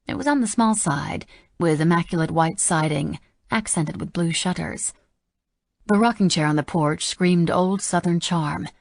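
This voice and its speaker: Female audiobook narrator, deep raspy tone, sardonic first-person read. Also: dry recording, studio quality.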